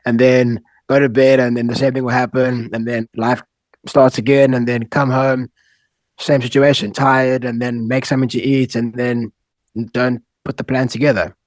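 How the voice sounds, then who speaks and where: A man's voice: medium pitch, flat delivery, moderate pace, no room sound. A man in his thirties with a South African accent, talking frankly and casually about money as a guest. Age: 30s. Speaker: guest, husband. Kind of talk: casual candid conversation.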